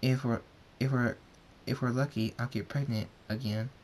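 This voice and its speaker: A man's voice: mid-range voice, steady tone, moderate pace, darkish tone, slight background noise, lightly acted. Man doing a bashful young pony mare. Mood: shy. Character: bashful young female unicorn-turned-alicorn pony.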